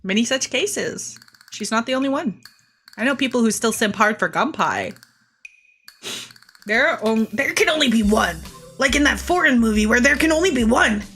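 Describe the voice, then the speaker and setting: A young woman chats casually while streaming a game, laughing at herself and swearing freely. Her voice is fairly high, and quiet music plays beneath it. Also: expressive, moderate pace, pauses often, husky. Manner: giggly, swears a lot, self-deprecating. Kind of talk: casual gaming stream chat.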